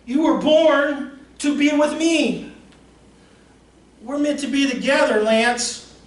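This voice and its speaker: A personified dream calls out, pleading and insistent, its voice high and pushed, as a man puts it on. It sounds recorded from a distance in a roomy, echoing space with faint noise underneath. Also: steady tone, slow pace. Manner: loud, insistent, repeats the listener's name.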